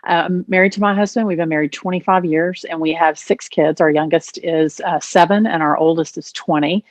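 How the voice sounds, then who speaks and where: A Texan woman in her forties talks as a podcast guest, candid and unfiltered. Her voice is notably low for a woman, and the recording is close and dry. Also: steady tone, fairly quick, dry recording. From Texas. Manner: candid and down-to-earth. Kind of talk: podcast interview.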